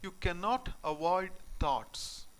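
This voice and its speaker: A man giving a spiritual lecture as a teacher, speaking deliberately and posing questions to his listeners. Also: high voice, animated, fairly bright tone, rough recording. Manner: slow, deliberate, questioning delivery.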